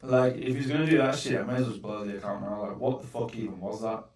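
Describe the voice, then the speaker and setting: A man's voice: fairly low pitch, fairly even intonation, fast talker, far from the mic, very noisy. Swearing young man, live trading. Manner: swearing, frustrated, exclaiming. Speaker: trading vlogger. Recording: roomy, off-mic echo.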